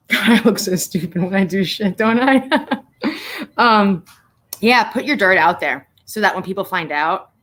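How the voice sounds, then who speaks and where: A woman hosts a casual livestream from home, her medium-pitched voice a little bright. She talks bluntly and swears a lot, laughs often, and at times grows emotional and teary.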